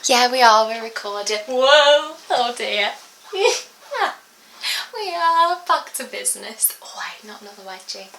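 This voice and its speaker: A young woman chatting casually through a haul video, rambling and filling pauses as she goes. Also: fairly high pitch, pushed and bright, slight background noise. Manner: chatty and rambling, full of giggles and fillers. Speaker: beauty vlogger. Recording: echoey room.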